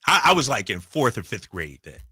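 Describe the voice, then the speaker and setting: A man hosting a sports radio show, chatting casually and telling stories with animated quoted voices in a studio. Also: mid-range voice, a little fast, breathy edge, dry recording. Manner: animated storyteller, acts out quotes. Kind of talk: casual sports talk and storytelling.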